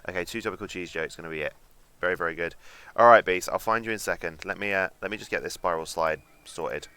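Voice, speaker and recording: A young man streams a game at his desk mic, chatting and cracking jokes with his viewers. His voice sits low but carries a bright, crisp edge. His talk is loose and casual, with the odd swear. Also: fast, no room sound. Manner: chatty, jokey, reads out chat and swears. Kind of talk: casual gameplay commentary.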